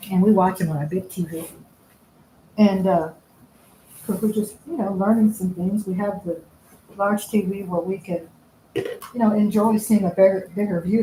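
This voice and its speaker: A woman's voice: mid-range voice, a little mellow, poor audio. Woman rambling on her livestream while she works, laughs a lot, restarts her sentences, bit of faint hiss. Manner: rambling, chatty, laughs often, trails off and restarts. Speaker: livestream host. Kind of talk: casual live chat while working.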